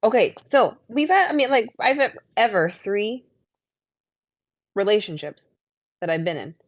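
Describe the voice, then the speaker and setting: A woman's voice: mid-range voice, unhurried, no echo, lo-fi sound. A woman in her thirties telling rambling stories in casual chat, acting out what people said. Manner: rambling storyteller, acts out quotes in lively voices.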